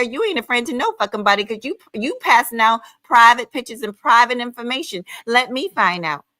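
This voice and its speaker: A middle-aged woman hosting a livestream launches into an angry rant, profane, confrontational, and taunting. Her slightly high voice sounds pushed and bright, and there's no room sound.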